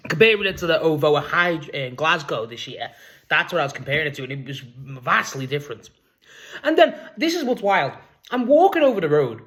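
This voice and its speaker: Speaking in a high, slightly bright voice, this Liverpudlian man rambles through a story for his casual vlog. He swears a lot and laughs while talking.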